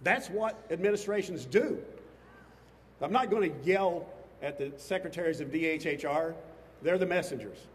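A state legislator addresses a rally from the capitol steps outdoors, his impassioned speech rising into emphatic bursts before the crowd. His voice is fairly high and moderately paced, and the sound carries like a large hall.

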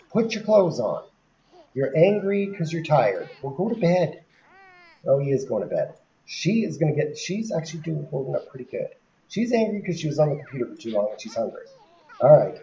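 A woman with a low, mellow voice that swings widely in pitch as she gives casual gameplay commentary. She chats away and laughs often, talking straight to the characters on screen. The sound is a bit dull and lo-fi. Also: very animated, a little fast, creaky, a little hiss or hum.

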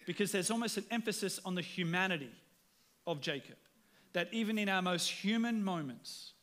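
Earnest Australian pastor preaching. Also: male voice, high-pitched, animated, normal speed, fairly bright tone. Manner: earnest, conversational, repeats words when starting sentences. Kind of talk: sermon. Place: church.

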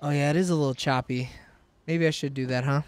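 Speaking fast in a slightly high, smooth voice with a dry recording, this man streams a game and joshes around with a friend. His animated banter is laced with goofy sing-song noises.

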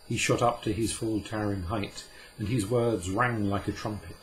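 A man reading a classic children's story aloud as an unhurried, measured narrator. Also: on the low side, fairly even intonation, slight background noise, rough recording. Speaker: audiobook reader. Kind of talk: scripted narration.

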